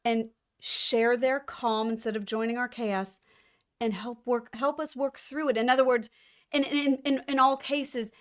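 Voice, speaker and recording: A woman's voice: fairly high pitch, fairly even intonation, unhurried. A woman co-hosting a podcast, reflecting earnestly in casual chat. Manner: reflective, earnest, talks things through. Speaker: podcast co-host.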